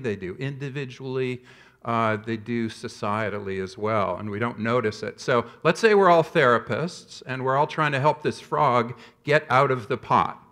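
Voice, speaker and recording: A man in his fifties delivers a conference keynote as a public health professor. He tells stories with animated energy and self-deprecating humor. His voice sits in a middling register. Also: mid-range voice.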